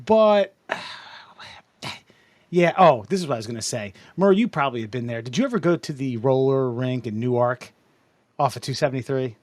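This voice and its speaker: A man's voice: medium pitch, lively intonation, normal speed, no echo. A man co-hosting a podcast, telling rambling, self-mocking stories in casual chat. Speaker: podcast co-host.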